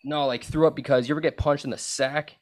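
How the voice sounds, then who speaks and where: A man's voice: a little high, fairly even intonation, fast. A young man hosting a podcast, in crude casual chat, rambling and swearing, with "like" and "bro" in nearly every sentence. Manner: rambling, profane, says "like" and "bro" constantly. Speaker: podcast host.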